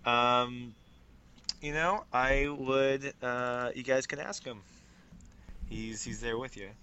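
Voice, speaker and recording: A man's voice: mid-range voice, steady tone, slow pace, pushed and bright, highs cut off, a little hiss or hum. A man narrating as game master of a tabletop role-playing game, casual and rambling, full of fillers.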